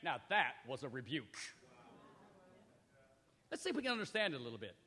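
Animated preacher in an echoing hall. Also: male voice, medium pitch, brisk, breathy edge. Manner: emphatic, dramatic swings in loudness; addresses the audience directly with questions. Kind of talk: sermon with scripture reading. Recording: reverberant hall.

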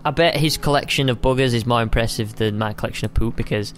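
A man's voice: quick pace, noisy background. A man chatting playfully while playing a game together with friends. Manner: playful, chatty, swings up in pitch when excited. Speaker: gaming video host. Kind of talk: casual gameplay chat.

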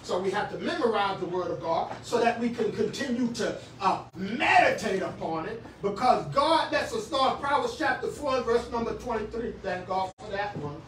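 A male preacher giving a sermon, moving from quiet talk to fervent shouting and often repeating words as he speaks. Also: high-pitched, expressive, moderate pace, hardly any pauses, far from the mic, slight background noise. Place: church sanctuary. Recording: very echoey church from afar.

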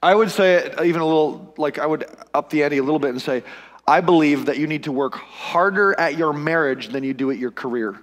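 A man with a somewhat high voice chimes in from a church stage with playful asides to his co-preaching wife. The sound rings with long hall reverb. He sounds quick and teasing, then turns to a sermon point. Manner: playful interjections. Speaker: pastor. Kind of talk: sermon banter.

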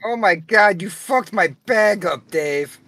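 A man's voice: sits high, expressive, slow, bright, forceful tone. A man joking and teasing his friends while playing a game on a stream. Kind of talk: casual gaming chat.

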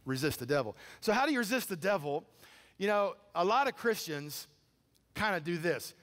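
A man preaching a sermon, telling a story with animated, incredulous quoted dialogue. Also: sits high, brisk, long pauses. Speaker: pastor. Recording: long hall reverb.

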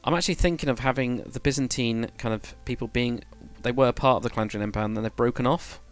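A man's voice: mid-range voice, quick pace, faint music behind. Chatty man streaming. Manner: rambling, self-correcting, chatty with viewers. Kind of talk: casual live-stream chat while building.

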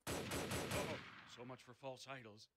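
A man's voice: mid-range voice, steady tone, a little slow, very noisy, natural voice. An actor playing a wisecracking male game hero with a Cockney accent, delivering dry one-liners as video game voice lines. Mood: wry. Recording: loud gunfire behind voice.

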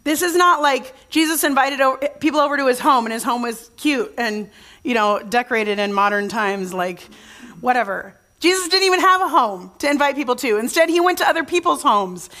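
This woman pastor has a high, bright, forceful voice and talks fairly quickly with lots of animation. Her sermon is chatty and story-driven, with frequent restarts, and she keeps turning to the congregation with questions.

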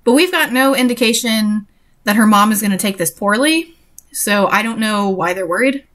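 A woman's voice: medium pitch, normal speed, a bit bright. A young woman reading a story aloud and breaking off for sarcastic, exasperated comments on it. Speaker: reader and commentator.

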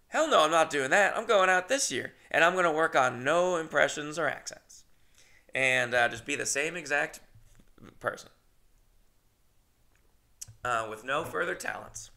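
A man's voice: medium pitch, gravelly, pushed and bright. A man in his thirties hosting a podcast, telling a rambling, self-deprecating story with frequent swearing and restarts. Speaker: podcast host. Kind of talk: casual storytelling.

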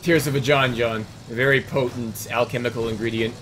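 A young man streaming a video game, joking loudly and swearing at his chat. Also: medium pitch, steady tone, brisk, a little hiss or hum. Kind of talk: casual profane let's-play commentary.

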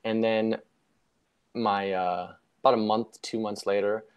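A young man with a low-pitched voice tells his story in a relaxed interview. He rambles and corrects himself as he goes, reflective and unhurried. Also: clear, resonant tone. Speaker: guest sharing a near-death story.

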